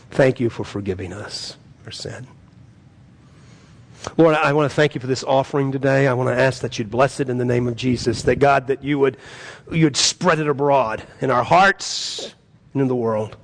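A man with a gravelly, husky voice preaches as a pastor. He talks in an earnest, pleading way, and his emphasis swells through the prayers. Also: medium pitch. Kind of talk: sermon and prayer.

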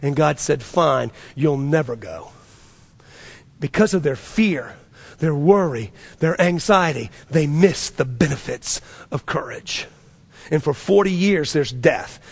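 A man's voice: on the high side, expressive, moderate pace, vocal fry, breathy edge. A man pastor preaching a sermon to his church, with dramatic swings and voices for the people he quotes.

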